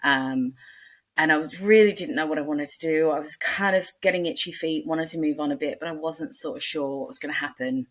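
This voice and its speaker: A woman's voice: low-pitched, brisk. An Australian woman in her forties, a blues singer, chatting in a rambling, storytelling way as an interview guest. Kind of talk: casual interview chat.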